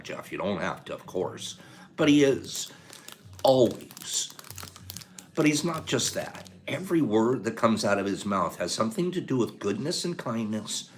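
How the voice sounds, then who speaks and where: A man hosting a casual livestream, talking straight to his viewers and gushing with praise, laughing often as he goes. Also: fairly low pitch. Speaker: livestream host.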